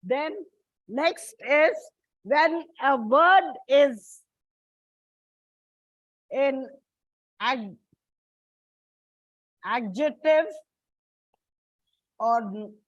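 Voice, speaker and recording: A high-pitched woman teacher lectures slowly and deliberately, walking students through grammar rules and often calling them children. The recording is dull and lo-fi, with a dry, close sound. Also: expressive, no room sound. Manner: slow, deliberate explaining, addresses students as children. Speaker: English teacher. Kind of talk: classroom lecture on word stress.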